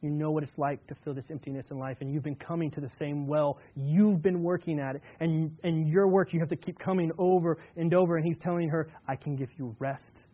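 Conversational male pastor, slightly high, muffled. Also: fairly even intonation, brisk, few pauses. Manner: conversational preaching, reads scripture with emphasis. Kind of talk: sermon.

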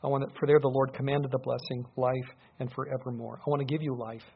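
A man's voice: medium pitch, level tone, fast talker, vocal fry, slight background noise. A man preaching a sermon, speaking earnestly and building up to emphatic peaks as he drives home his points. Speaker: pastor. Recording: dull lo-fi sound.

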